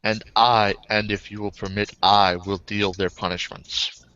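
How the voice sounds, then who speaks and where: Player as a courteous vampire, low and slow, dry muffled sound. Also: male voice, flat delivery, sharp tone, a little hiss or hum. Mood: formal. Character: formal, courteous male vampire doctor.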